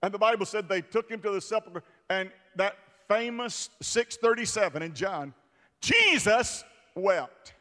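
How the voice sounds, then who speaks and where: A man preaching a sermon with fervor, dropping to a hush and then rising to shouts. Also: high voice, lively intonation, measured pace. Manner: fervent, swings from hushed to shouting. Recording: long hall reverb of a church.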